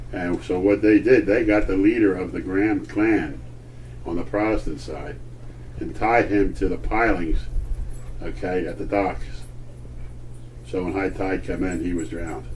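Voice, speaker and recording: An elderly man recalls family history in a slow, halting way, circling back and restarting as he hunts for names. His voice sits low. He was taped from across the room, with a faint hiss behind him. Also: fairly even intonation, a little mellow. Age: older. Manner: halting, searching for words, repeats himself. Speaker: grandfather telling family history. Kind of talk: casual storytelling at home. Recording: distant old home recording with faint hiss.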